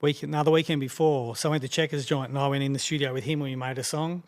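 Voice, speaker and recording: An Australian man in his fifties, a rapper chatting casually as a podcast guest, talking quickly and rambling. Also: medium pitch, fairly even intonation. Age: 50s. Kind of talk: casual chat.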